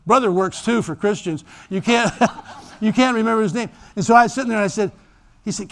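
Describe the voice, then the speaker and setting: A man's voice: high-pitched, fairly quick. A man preaching a sermon in church as pastor, telling stories animatedly and acting out voices. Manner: animated storytelling, acts out voices.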